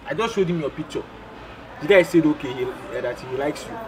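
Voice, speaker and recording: A man's voice: a little high, animated, brisk, crowd noise. A man playing an exasperated matchmaker who keeps pleading in a comedy skit. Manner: pleading and exasperated, repeats himself.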